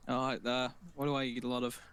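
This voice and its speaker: A man's voice: mid-range voice, monotone, fast talker, fairly bright tone, clear, resonant tone. Laughing, hesitant man guest. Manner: laughs often, hesitant with many fillers. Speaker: streamer guest. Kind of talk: casual chat.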